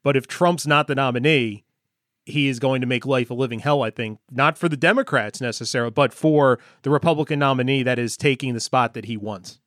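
A man's voice: mid-range voice, a little fast, a bit bright, no room sound, studio quality. A man hosting an interview, asking direct conversational questions and adding his own commentary. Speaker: host.

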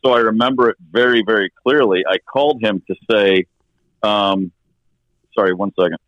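A man's voice: lowish voice, moderate pace, no room sound, muffled recording. A man in his fifties, a rock drummer guesting on an interview, telling a story animatedly and swearing casually. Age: 50s.

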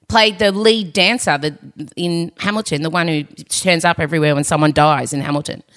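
A woman's voice: deep voice, a little fast, a bit bright. A woman hosting a podcast, reviewing a film in casual, opinionated chat with frequent restarts. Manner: chatty, opinionated, ranting with restarts. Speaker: podcast host.

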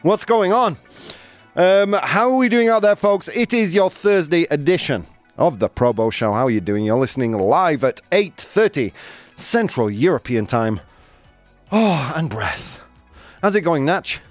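Lively, chatty male radio host. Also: fairly high pitch, measured pace, no room sound, faint music behind. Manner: energetic, chatty, laughs often. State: out of breath. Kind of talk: live radio show banter. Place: radio studio.

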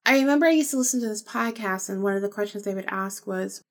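A woman hosting her own podcast in a candid, conversational way. She leans on repetition for emphasis and drops the occasional swear word, her pitch sitting in an ordinary middle range. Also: fast talker. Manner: candid, emphatic, repeats phrases, swears freely. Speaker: podcast host. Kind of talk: casual personal storytelling.

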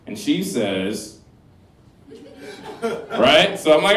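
A man's voice: on the high side, big pitch swings, drawn-out words, long pauses, fairly bright tone. A man in his thirties telling a crude comic story to a live crowd, loose and profane, often laughing. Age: 30s. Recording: roomy live room, voice from a distance.

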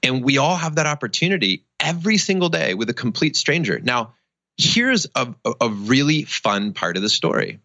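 A man's voice: medium pitch, big pitch swings, normal speed, sharp tone, no room sound, dull audio. A middle-aged man, a charity founder and interview guest, telling a personal story and acting out the quotes.

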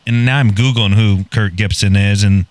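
Telling a lengthy anecdote as a guest on a podcast, this man is foul-mouthed, direct, and self-deprecating. He has a fairly low pitch, fairly flat intonation, and a moderate pace, recorded dry.

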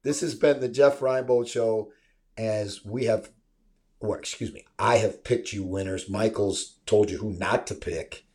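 Emphatic low-voiced male sports host. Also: steady tone, unhurried, a little mellow. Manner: emphatic, repeats "right?" often. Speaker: show host. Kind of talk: casual sports chat. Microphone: remote call mic.

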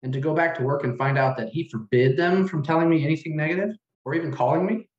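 A middle-aged man, a hotel manager, telling a personal story in an interview, earnest and halting, close to tears. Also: on the high side. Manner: earnest, halting, with many restarts and fillers. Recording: roomy, dull lo-fi sound.

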